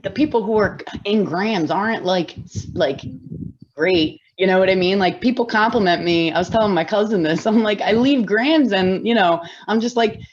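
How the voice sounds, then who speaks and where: A woman's voice: mid-range voice, normal speed, lo-fi sound, a little hiss or hum. A woman co-hosting a podcast in casual chat, blunt and swearing freely, often laughing. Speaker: podcast co-host.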